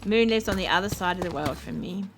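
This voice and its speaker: A woman's voice: fairly low pitch, quick pace. South london lady streaming, chatty and cheery, laughs a lot, music playing behind her. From South London, England. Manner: chatty and upbeat, thanking viewers, laughs easily. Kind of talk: casual chat with live chat while gaming. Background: background music.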